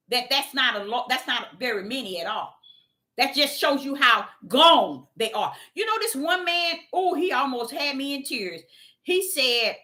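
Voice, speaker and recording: Woman preacher, high and bright, loose animated sermon that swings from loud to quiet. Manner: animated, swings between shouting and murmuring, addresses listeners as y'all. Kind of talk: informal sermon teaching.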